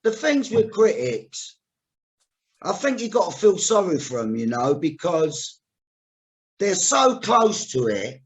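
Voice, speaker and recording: Chatty man with a slightly high voice. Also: big pitch swings, takes it slowly. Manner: supportive, chatty, says "mate". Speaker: podcast host. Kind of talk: casual chat.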